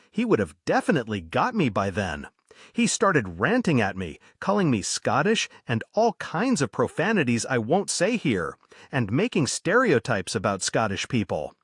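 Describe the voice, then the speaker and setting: Male horror narrator, husky, animated delivery, dry close mic. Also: on the high side, no echo. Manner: lively, dramatic storytelling. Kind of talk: scripted horror story narration.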